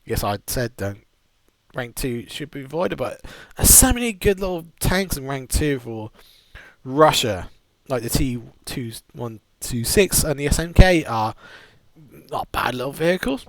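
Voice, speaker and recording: A man's voice: medium pitch, animated, a little slow, no echo. A man giving a casual, rambling game buying guide, full of restarts and enthusiastic asides. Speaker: gaming video host.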